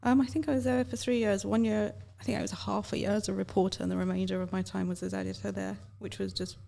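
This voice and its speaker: Female interview guest with a strongly gravelly, fry-heavy voice; thoughtful and hesitant. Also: medium pitch, flat delivery, fast, warm tone. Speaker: guest, founder of a legal organisation. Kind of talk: radio interview.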